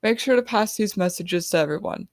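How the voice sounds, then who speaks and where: A woman voicing a young female team leader who gives quick, quiet orders. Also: medium pitch, dry recording, studio quality, pitched above the performer's own voice, lightly acted. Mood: urgent. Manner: hushed, hurried orders.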